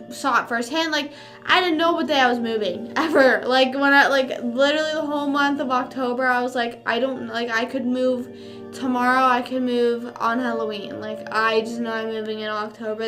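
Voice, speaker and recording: Young woman streamer, slightly high voice, rambling casual chat, music behind. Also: steady tone, moderate pace, fairly bright tone. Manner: rambling, full of fillers and swearing.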